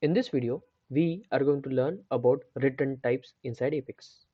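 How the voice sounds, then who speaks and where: A man's voice: medium pitch, moderate pace, breathy edge, no room sound, muffled recording. A man hosting a coding tutorial, explaining step by step and checking in with repeated "right?" and restarts. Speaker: programming tutor. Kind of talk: screen-share coding tutorial.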